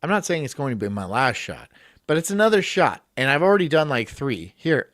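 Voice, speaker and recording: A man's voice: fairly high pitch, sing-song, brisk, a bit bright, dry recording, clean studio sound. A man hosting a live stream, rambling crudely, swearing and reading chat aloud while drinking shots.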